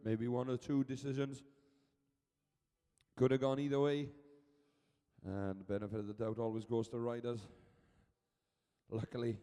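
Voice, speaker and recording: A man giving brisk, chatty live commentary as the arena announcer, urging officials along and calling the race. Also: medium pitch, little pitch movement, warm tone, smooth, long reverb tail. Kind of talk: live sports commentary over a public address.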